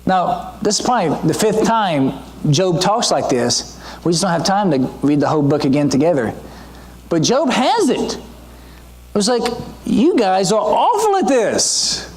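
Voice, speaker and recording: Animated preacher man, lively pitch. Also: normal speed. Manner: conversational, asks the audience questions; animated teaching delivery with frequent asides. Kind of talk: sermon.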